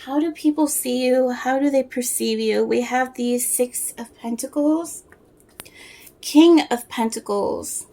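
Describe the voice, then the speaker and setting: A woman with a slightly high voice gives a casual tarot reading straight to the viewer. She talks in a soft, rambling way, hunting for words and restarting her sentences as the reading comes to her. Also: unhurried. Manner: rambling, searching for words, many fillers and restarts. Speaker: tarot reader.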